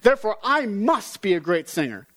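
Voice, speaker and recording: A man's voice: high voice, very animated, normal speed, fairly bright tone, no room sound, voice pushed up, full character voice. A man reading aloud voices a theatrical, self-pitying middle-aged woman singer with a raised voice. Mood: aggrieved.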